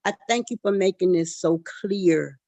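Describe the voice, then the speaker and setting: A woman in a meeting, speaking slowly and thankfully to the host. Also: on the low side, mellow, no echo. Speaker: meeting participant.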